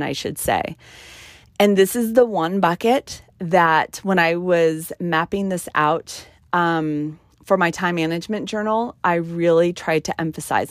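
A woman's voice: fairly low pitch, no room sound, studio quality. A middle-aged woman hosting a podcast in a casual, emphatic, chatty way, with frequent ums. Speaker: podcast host. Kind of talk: casual solo podcast talk.

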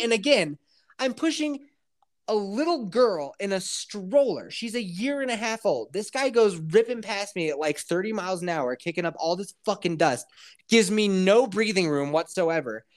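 A man hosting a podcast, telling a story in a casual, animated way, full of swearing and acted-out quotes. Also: sits high. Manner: animated, profane, acts out quotes. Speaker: podcast host.

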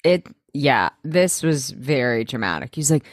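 A woman's voice: a bass voice, sing-song, unhurried, no room sound, clean studio sound. A woman co-hosting a podcast in casual recap chat, who swears freely and laughs easily. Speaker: podcast co-host.

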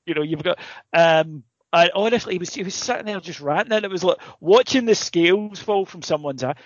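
A man with a fairly high voice spins a story in loose podcast chat, swearing and throwing in asides as he goes. The sound is muffled and lo-fi, and very dry with no room around it. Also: brisk, no echo. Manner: swears freely, builds a story with asides and repeated "right?". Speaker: podcast co-host. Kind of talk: casual chat, anecdote telling.

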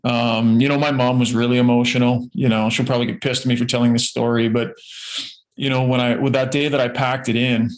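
A man, a former hockey player, telling a personal story in a relaxed, chatty way during an interview. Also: medium pitch, brisk, rough recording. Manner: relaxed, storytelling, acts out quotes.

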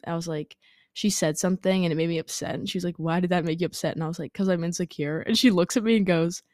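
A woman's voice: lowish voice, no echo. Chatty young woman, dry close sound. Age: young adult. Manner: chatty, candid, swears casually, frequent "like". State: congested, fighting off sickness. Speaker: podcast host. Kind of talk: casual solo podcast chat.

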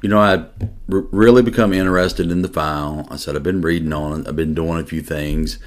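A middle-aged police detective with a very deep voice and steady tone tells a personal story in an interview. He comes across as earnest and emotional, restarting his sentences haltingly.

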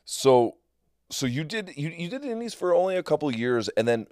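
A man's voice: fairly high pitch, sing-song, normal speed, a little mellow, dry recording, studio quality. A man hosting a podcast, asking a guest follow-up questions in casual chat. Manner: short affirmations, follow-up questions. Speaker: podcast host. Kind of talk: casual interview.

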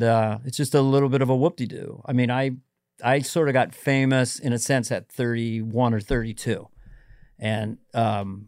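A man's voice: medium pitch, darkish tone, clear, resonant tone, no echo, studio quality. A middle-aged man, a comedian guest in casual podcast chat, musing and giving advice in a wandering way.

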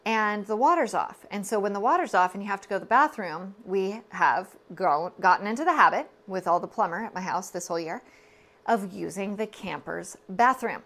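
A woman's voice: mid-range voice, moderate pace. Earnest woman podcaster, confiding. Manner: earnest, confiding, animated with asides and self-corrections. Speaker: podcast host. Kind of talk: personal storytelling monologue.

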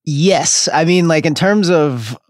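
A young man co-hosting a sports podcast, relaxed, with dry wit and many "I mean"s. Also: on the high side, slow pace, dry recording. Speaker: podcast co-host. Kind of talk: casual sports chat.

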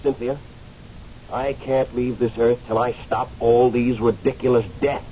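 Close to an everyday voice, this man speaks at medium pitch with a level, warm tone and a slightly slow pace. In a radio drama he portrays a man just dead and lingering in limbo, an angry, pleading figure who is earnest and agitated, occasionally hesitant and stammering, then impassioned. The muffled recording has a faint hiss.

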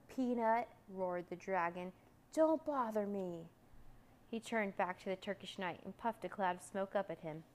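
Female narrator, slightly low voice, animated children's-story read-aloud. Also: rough recording. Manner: lively, voicing characters with raised pitch for shouts.

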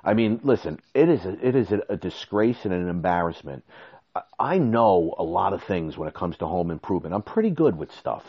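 A man telling a story casually and animatedly, acting out quoted lines with sudden high exclamations. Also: very animated, a little fast, breathy edge, muffled recording.

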